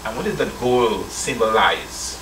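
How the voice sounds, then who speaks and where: With background noise and a roomy sound from a distant mic, a church elder with a fairly low, animated voice preaches a little slowly. He reads scripture aloud and addresses the brethren, prompting them to answer his questions.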